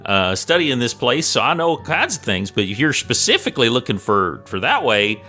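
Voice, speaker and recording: A man's voice: medium pitch, very animated, moderate pace, sharp tone, soft background music, pitched above the performer's own voice. A man voicing a small, chatty male creature with a folksy, rambling way of talking. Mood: eager.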